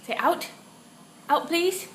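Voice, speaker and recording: Young mom at home, high lively voice, unhurried baby-talk prompting. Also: female voice, a little hiss or hum. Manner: slow, sing-song prompting with soft laughs. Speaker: mother of a toddler.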